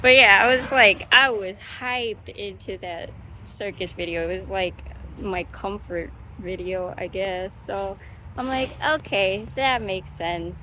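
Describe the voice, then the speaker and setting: A woman's voice: mid-range voice, unhurried, pushed and bright, a little hiss or hum, low-quality recording. A young woman vlogging in a loose, rambling way, chatty and easygoing, with lots of fillers, restarts and the odd curse word. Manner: swearing, easygoing. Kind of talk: casual rambling vlog.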